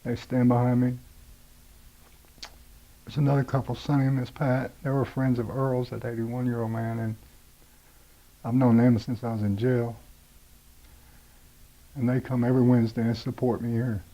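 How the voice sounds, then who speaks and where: A man's voice: medium pitch, little pitch movement, moderate pace, pauses often, dark tone, poor audio. A man in his forties, plain-spoken and blunt, telling his own story of recovery in a personal testimony with many "uh"s and "you know"s. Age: 40s. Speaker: rehab program graduate telling his story.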